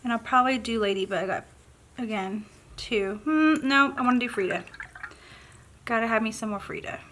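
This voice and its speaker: A bubbly craft tutorial host with a Southern accent chats casually as she paints, thinking aloud along the way. Her voice is fairly high and a bit bright, at a moderate pace, with slight background noise.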